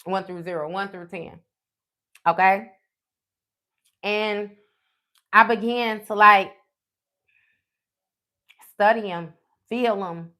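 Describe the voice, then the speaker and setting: A woman tells a personal story in a live stream, animated and profane, often checking in with "okay?". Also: mid-range voice, takes it slowly, pauses often. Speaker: tarot reader.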